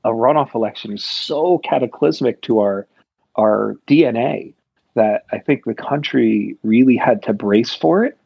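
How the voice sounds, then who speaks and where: A man's voice: mid-range voice, measured pace, vocal fry, breathy edge, dry recording. An American man in casual political chat, rambling and thoughtful with many fillers and restarts, on a dull lo-fi recording. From United States.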